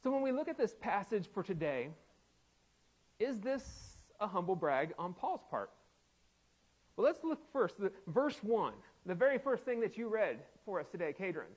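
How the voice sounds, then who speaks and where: High-voiced playful male preacher. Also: very animated, moderate pace, poor audio. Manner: laughs often, acts out quoted voices playfully. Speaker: pastor. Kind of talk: sermon. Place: church sanctuary.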